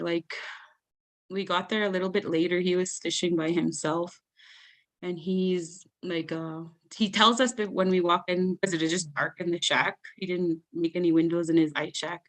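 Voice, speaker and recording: A young adult woman telling funny family stories as a guest storyteller at a live event, animated and laughing often. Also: on the low side. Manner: animated, laughs often, acts out family members in raised voices.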